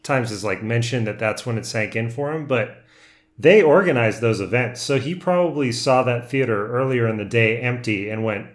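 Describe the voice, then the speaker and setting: A man's voice: mid-range voice, moderate pace. Man interviewing, casual and chatty. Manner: friendly, with short reactions and rambling questions. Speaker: host, interviewer.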